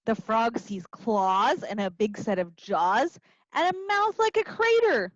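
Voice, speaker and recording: A woman teacher reading a picture book and singing to young children in an expressive, playful way, with little gasps and asides. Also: a little high, unhurried, no room sound. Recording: dry, slightly dull lo-fi sound.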